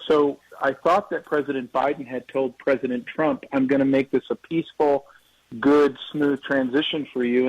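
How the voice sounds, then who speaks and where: A man's voice: medium pitch, husky, no room sound, muffled recording. A man, a retired general, talking as a radio guest in an emphatic, incredulous way. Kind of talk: radio interview commentary.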